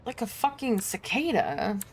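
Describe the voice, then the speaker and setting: A woman's voice: mid-range voice, sing-song, moderate pace, a little hiss or hum. A woman streamer chatting casually during gameplay, swearing lightly and laughing often.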